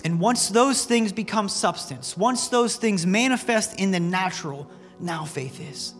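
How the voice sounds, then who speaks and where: Preaching at a measured pace, this male pastor has a high, fairly bright voice and tells earnest, casual stories peppered with "man." He's in a church sanctuary, where long reverb and faint music fill the recording.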